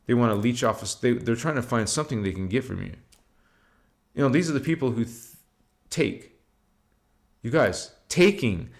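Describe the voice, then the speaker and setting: A man hosting a spiritual livestream, talking loosely and slangily, swearing now and then, and leading slow chanted affirmations. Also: medium pitch. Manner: loose and slangy, swears, drifts between chat and slow incantation.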